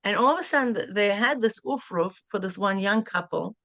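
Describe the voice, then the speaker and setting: A woman in a class, telling a story in a casual, lively way, laughing often and speeding up in bursts. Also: mid-range voice, brisk, dry recording. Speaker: class participant.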